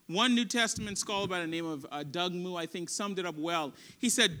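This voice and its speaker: A man's voice: sits high, animated, moderate pace, sharp tone. A male pastor preaching an earnest, emphatic sermon in a conversational way.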